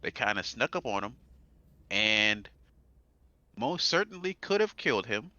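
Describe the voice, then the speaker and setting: Man, tabletop player, hesitant recap; bright, dry sound. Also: on the low side, very animated, a little slow, dry recording, dull audio. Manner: rambling, hesitant, many fillers. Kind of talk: casual in-character recap.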